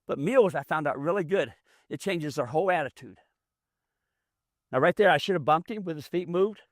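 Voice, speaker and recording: Man, mule trainer, folksy plainspoken talk, fairly high voice, dry sound, outdoor lesson. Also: brisk, dry recording. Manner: folksy, explains as he works, drawling rural grammar. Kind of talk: hands-on training demonstration.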